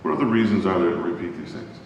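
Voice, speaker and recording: A man's voice: sing-song, quick pace, gravelly. A man teaching an adult Bible class in a conversational way, often asking the class questions. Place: church classroom. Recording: very echoey hall, far from mic, faint rumble.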